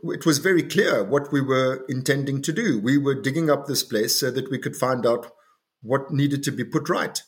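An older man from South Africa speaks as an interview guest in a measured, mid-pitched voice. He thinks aloud and hesitates often, circling back with fillers and restarts as he works through his thoughts. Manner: halting, with many fillers and restarts. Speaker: interview guest, farm owner. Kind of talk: reflective interview talk.

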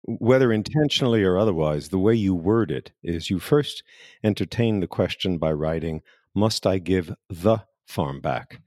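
Deep-voiced male interviewer, dry sound. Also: lively intonation, mellow, dry recording. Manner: measured, summarizing the guest's words. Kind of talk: interview questioning.

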